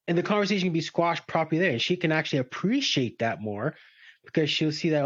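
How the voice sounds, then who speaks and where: A man's voice: on the high side, expressive, fast, fairly bright tone, dry recording. Male podcast co-host, candid and chatty, muffled dry recording. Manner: candid, talks through his own relationship habits. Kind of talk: casual chat. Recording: dull dry sound.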